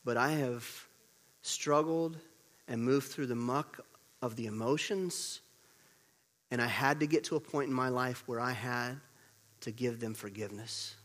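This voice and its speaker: A man preaching a sermon as pastor, moving between loud urgent storytelling and quiet hushed emphasis, repeating words to drive points home. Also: medium pitch, a little slow, long pauses. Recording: long reverb of a large hall.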